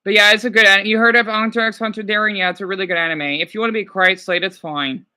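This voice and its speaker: High, sharp-voiced rambling male streamer. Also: steady tone, quick pace, clean tone. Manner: rambling, swearing, apologetic. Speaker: livestreamer. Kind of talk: casual livestream chat, reading viewer comments.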